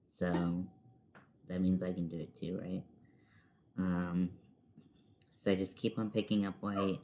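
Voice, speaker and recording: A man's voice: low-pitched, little pitch movement, unhurried, long pauses, background noise. A man talking casually through a makeup tutorial at home, rambling and self-deprecating, with the odd muttered swear. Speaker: makeup vlogger. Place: at home, seated at a desk with a laptop.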